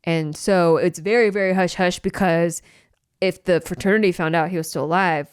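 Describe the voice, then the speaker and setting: A woman's voice: fairly low pitch, moderate pace, clean tone, no echo, studio quality. A woman, hosting a casual podcast chat and telling stories with lots of fillers. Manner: animated storyteller, chatty with fillers. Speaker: podcast host. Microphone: studio microphone.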